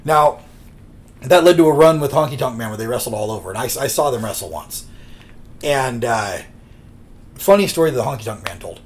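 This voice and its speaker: A chatty podcast co-host spins rambling wrestling stories in a casual storytelling chat, acting out the quotes as he goes. His mid-range voice is expressive and fairly quick, though he pauses often.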